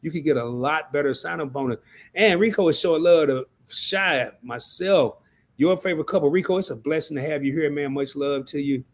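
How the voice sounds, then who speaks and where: Man, livestream host, casual slang, reads chat aloud, slightly high voice. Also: a little fast. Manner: loose slangy talk, reads out chat messages.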